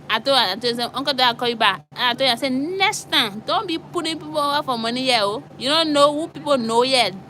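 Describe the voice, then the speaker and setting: Brief: bright, fairly high-voiced woman, casual animated storytelling, faint background noise. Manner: animated, acts out both sides of a traffic stop in Liberian English.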